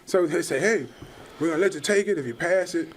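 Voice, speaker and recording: A man in his thirties with a fairly high voice tells a story in casual podcast chat. He acts out the people in it and laughs often. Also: fast. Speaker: podcast guest, former football player.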